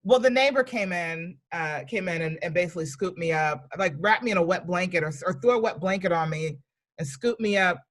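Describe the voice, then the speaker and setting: A woman comedian from New York and Virginia, casually telling lively stories on a podcast and acting out the people in them. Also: lowish voice, a little fast. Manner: animated, acts out voices in anecdotes. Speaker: comedian guest.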